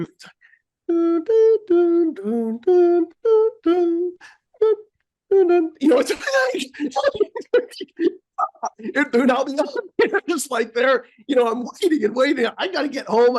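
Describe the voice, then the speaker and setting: A US man with a high-sitting voice, vocal fry, and a breathy edge tells a story in casual chat. He's a co-host and delivers it animatedly, acting out beeps and his own frustration.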